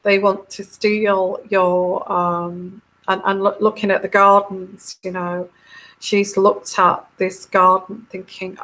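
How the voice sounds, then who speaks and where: This is a woman tarot reader on a live stream, talking at an unhurried, drawn-out pace. She stays at a middle pitch as she wanders from point to point. She fills the gaps with ums and restarts and answers viewers' comments in an earnest tone. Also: level tone, fairly bright tone, poor audio. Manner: meandering, many fillers and restarts. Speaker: tarot reader and channel host.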